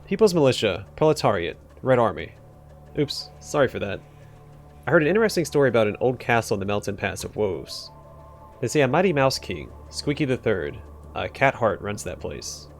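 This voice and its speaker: A man's voice: on the low side, sing-song, fairly quick, creaky, faint music behind. A man voicing a jumpy clerk who blurts out slogans. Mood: twitchy. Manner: bursts out with shouted word lists, then apologizes.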